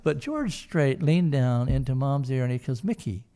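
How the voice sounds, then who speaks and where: A man's voice: medium pitch, normal speed, mellow, clean tone. An older man telling a long personal story in an interview, rambling with many fillers and restarts. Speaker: guest, son of the founders.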